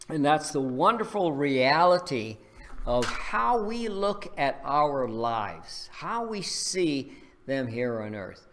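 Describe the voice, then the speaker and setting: A male pastor preaching a sermon, telling a story and leading a prayer in an earnest, deliberate way. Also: fairly high pitch, sing-song, a bit bright, a little hiss or hum.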